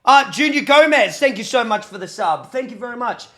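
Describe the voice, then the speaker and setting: A man's voice: very high-pitched, animated, brisk, fairly bright tone. A young Australian man, a streamer, chatting casually with his viewers, joking and reading the chat aloud, a bit sniffly from hay fever.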